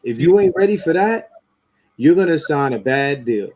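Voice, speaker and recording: Male podcast host, mellow tone, casual and profane, animated. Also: on the high side, normal speed. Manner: animated, profane, rising into mocking quotes. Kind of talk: casual opinionated talk.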